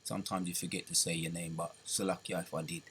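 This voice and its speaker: A man preaching in a video sermon, emphatic, repeating phrases and pushing them up in excited bursts. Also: low-pitched, quick pace, breathy edge. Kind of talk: street-style religious video sermon.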